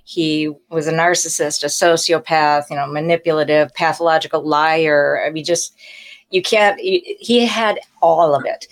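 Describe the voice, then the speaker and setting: A middle-aged woman, an author and podcast co-host, speaking frankly in an interview with halting restarts. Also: low-pitched. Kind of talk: candid conversational interview.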